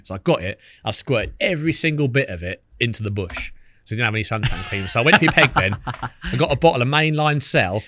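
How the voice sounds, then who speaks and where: A man's voice: medium pitch, pushed and bright, dry recording. A man, a podcast guest telling cheeky anecdotes and mimicking the people in them. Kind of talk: casual storytelling.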